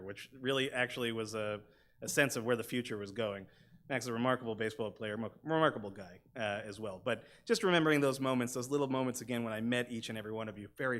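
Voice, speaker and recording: A man's voice: mid-range voice, a bit bright. A congested man chatting through announcements as leader of a synagogue service, with loose trailing asides. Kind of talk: congregation announcements. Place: synagogue sanctuary.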